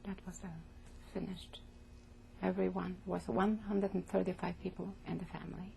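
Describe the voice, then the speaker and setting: An older woman from Poland giving oral history testimony as an interviewee, speaking haltingly and repeating words as she goes. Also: lowish voice, flat delivery, dark tone, a little hiss or hum. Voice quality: gravelly, husky.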